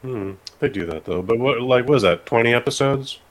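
A man's voice: medium pitch, animated, a little fast. Laid-back podcast co-host, man. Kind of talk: casual chat.

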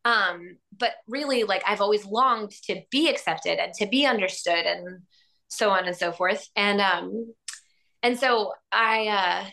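A woman hosting a podcast, talking in a rambling, animated way with many fillers and frequent laughs. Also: medium pitch, measured pace, creaky. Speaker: podcast host. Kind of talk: casual chat.

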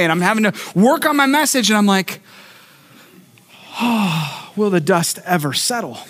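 A middle-aged male pastor preaching a sermon, telling a personal story with acted-out quotes and stumbling restarts. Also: sits high. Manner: animated storyteller who acts out quotes and repeats words.

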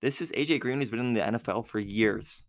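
A man's voice: mid-range voice, fast talker. A man casually recapping a football game from memory, rambling with many fillers and self-corrections. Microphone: recording app with a time limit.

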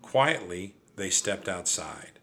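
An older man reading a children's chapter book aloud, with a gentle, reassuring manner. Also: sits low, expressive, slow pace. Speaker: storybook reader. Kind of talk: children's story read-aloud.

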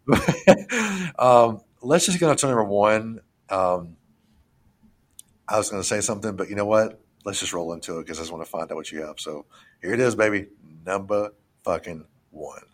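Low-voiced dude rambling about movies, swears a lot, keeps restarting. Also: male voice, breathy edge. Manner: excitable, profane, rambling with many restarts. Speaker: podcast host reviewing films. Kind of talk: casual chat.

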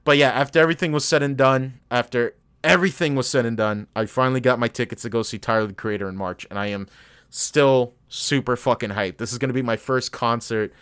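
A man's voice: mid-range voice, brisk, clean tone. A man co-hosting a podcast, telling a story in casual chat, swearing a lot and getting worked up in bursts. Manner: profane, animated, rants in bursts. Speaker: podcast co-host.

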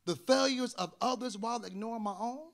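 A man pastor preaching with animated storytelling, repeating words in bursts and building to loud shouts. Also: very high-pitched, fairly quick, creaky. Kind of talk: sermon.

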